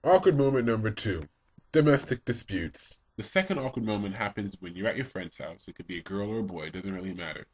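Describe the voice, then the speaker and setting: A man's voice: fairly low pitch, animated, a little fast, husky. A young man in a casual comedic monologue, acting out both sides of his own exchanges in raised voices. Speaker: vlogger.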